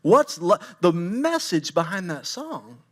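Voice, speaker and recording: A man's voice: high voice, very animated, slow. A man in his forties giving a conversational sermon as pastor, candid and storytelling, talking straight to his congregation. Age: 40s.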